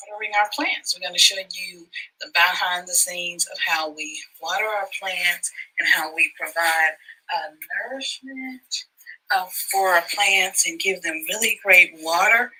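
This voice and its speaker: Bubbly American woman, very bright voice. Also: lowish voice, a little slow, slightly rough, low-quality recording. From United States. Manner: bubbly, gushing, excitable. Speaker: channel host. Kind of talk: promotional vlog clip.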